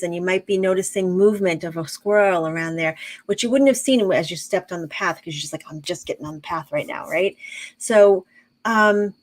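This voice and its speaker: Brief: middle-aged woman guest, calm explainer, slightly low voice, lots of "um" and restarts. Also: poor audio. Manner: calm, explains with long examples, many fillers and restarts. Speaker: guest, intuitive medium and teacher. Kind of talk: casual interview chat.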